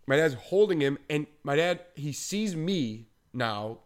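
Man, podcast co-host, casual storytelling, animated, acts out voices. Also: fairly high pitch, a little slow, smooth.

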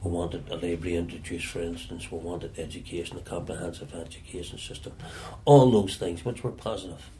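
A Northern Irish man telling stories from his past in an interview, often halting and repeating words as he searches for them. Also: low voice, fairly even intonation, mellow, slight background noise. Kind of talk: reflective storytelling.

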